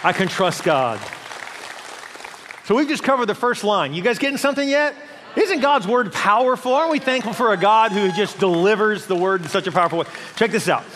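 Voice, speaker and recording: A middle-aged man preaching a sermon as pastor, in an animated, conversational way with playful asides. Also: high voice, fairly quick, a faint crowd, slight background noise. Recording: long hall reverb.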